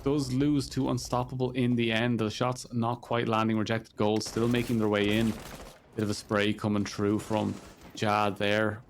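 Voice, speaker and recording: Irish man, esports play-by-play, lowish voice, brisk and dry, faint hiss behind. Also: level tone. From Ireland. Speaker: esports caster. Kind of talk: play-by-play commentary.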